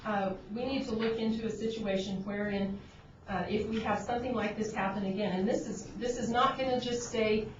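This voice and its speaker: A woman on an agriculture board speaks at a public meeting, earnest and pointed, restarting her sentences often. The room mic sits far from her, so her voice comes through roomy and dull, with steady background noise. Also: on the high side, a little fast. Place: conference room at a government meeting.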